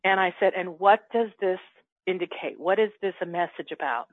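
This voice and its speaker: A woman telling a personal story in casual spiritual chat, acting out her inner dialogue with animated quoted voices. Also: on the low side, moderate pace, dry recording. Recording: dry, tinny phone-like line.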